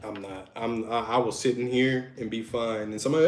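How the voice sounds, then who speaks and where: A man's voice: medium pitch, fairly even intonation, fairly quick, reverberant. A man co-hosting a podcast in casual chat, talking candidly with many restarts and "you know"s. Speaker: podcast co-host.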